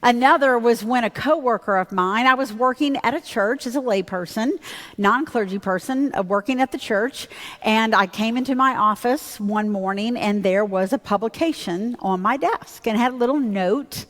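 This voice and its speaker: A woman's voice: fairly high pitch, normal speed. A woman pastor preaching a sermon in a church, telling a personal story in a candid, conversational way with fillers and self-corrections. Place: church sanctuary. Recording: long reverb of a church hall.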